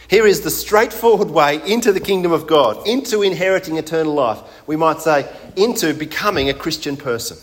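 A man's voice: on the high side, lively intonation, a little fast. A man preaching a sermon in a conversational way, putting rhetorical questions to his congregation.

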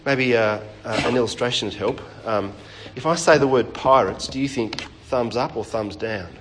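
A man's voice: mid-range voice, moderate pace, fairly bright tone, a little hiss or hum. A man preaching a sermon in a church, conversational and chatting with the congregation, often restarting phrases.

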